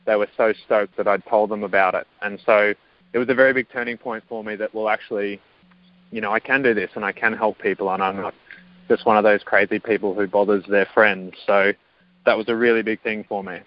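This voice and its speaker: A man's voice: lowish voice, fairly even intonation, brisk, no echo, muffled recording. A man, a guest telling a personal story in a casual way, with many fillers.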